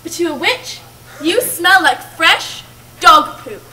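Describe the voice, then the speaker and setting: A woman playing an old grandmother in an amateur stage play, telling scary witch stories in a slow, dramatic way. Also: very high voice, animated, sharp tone, full character voice. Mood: ominous. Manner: slow, dramatic storytelling with emphatic drawn-out words. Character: old grandmother warning of witches, storytelling, doting. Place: camp stage, audience hall. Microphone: far camera in the audience. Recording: distant camera, faint hiss.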